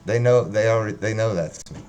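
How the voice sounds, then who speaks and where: A man's voice: lowish voice, fairly quick. A man rambling casually and profanely on a livestream, joking as he talks. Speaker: livestream host.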